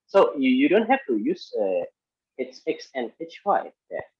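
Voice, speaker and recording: A man lecturing on engineering statics in halting speech full of fillers and restarts, working through a problem step by step. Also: mid-range voice, big pitch swings, breathy edge, no echo. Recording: muffled lo-fi audio.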